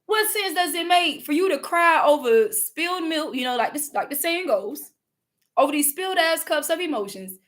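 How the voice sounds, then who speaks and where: A woman with a Southern US accent, talking in a casual spiritual vlog, animated and profane, often laughing and repeating words. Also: high voice, normal speed. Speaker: spiritual content creator.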